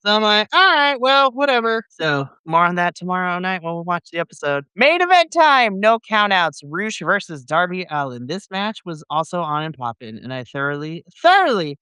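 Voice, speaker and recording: A man co-hosting a casual podcast, animated and playful, acting out his reactions. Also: sits high, moderate pace, few pauses, clear, resonant tone, no echo. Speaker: podcast co-host.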